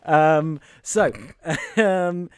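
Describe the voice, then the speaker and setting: A man's voice: a little high, drawn-out words, smooth, no room sound, studio quality. A man co-hosting a podcast, recapping a film in a rambling, sweary casual chat. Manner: rambling, sweary, laughs often. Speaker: podcast co-host reviewing a film.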